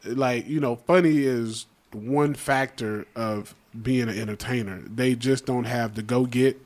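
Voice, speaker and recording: A man's voice: mid-range voice, steady tone, unhurried, darkish tone. A man, a comedian and podcast co-host, talking in loose, profane street slang with emphatic banter.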